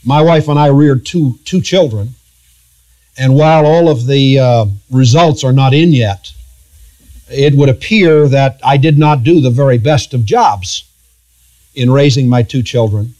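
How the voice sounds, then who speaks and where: A middle-aged man pastoring a church, preaching a sermon in an earnest, halting, confessional way with frequent restarts. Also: mid-range voice, mellow.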